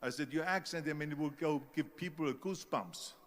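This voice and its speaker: A man's voice: on the high side, fairly quick, slight background noise. An older man with an Austrian German accent giving a motivational speech and acting out the people who doubted him. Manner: storytelling, acts out quoted doubters. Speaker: motivational speaker. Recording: long hall reverb.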